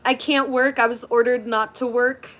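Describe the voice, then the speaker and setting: Blunt, high-voiced woman livestreaming. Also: steady tone, moderate pace, fairly bright tone. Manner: blunt and profane, talks candidly to viewers. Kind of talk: casual livestream chat.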